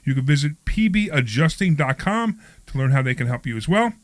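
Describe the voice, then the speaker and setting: A man hosts a live radio talk show, moving from an upbeat, scripted intro into loose banter with his co-hosts. His voice sits on the higher side. The studio sound is dry and close. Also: lively intonation, brisk, dry recording. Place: studio at a training office.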